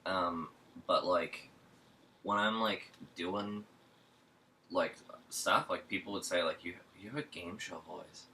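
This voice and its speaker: A man in a casual chat who speaks with a slight slur in a relaxed drawl. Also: low voice, takes it slowly, pauses often, far from the mic, rough recording.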